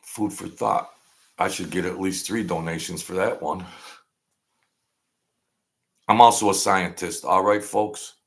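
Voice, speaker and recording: A man's voice: sits low, steady tone, a little slow, gravelly, long pauses. A man in his sixties hosting a live stream, talking casually and rambling to his viewers, often digressing and laughing at his own jokes. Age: 60s.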